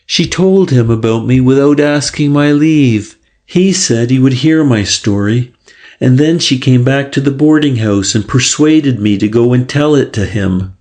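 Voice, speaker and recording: A man's voice: mid-range voice, unhurried, a little mellow, natural voice. A man voicing a frightened young Lancashire woman. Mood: fearful. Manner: anxious, pleading.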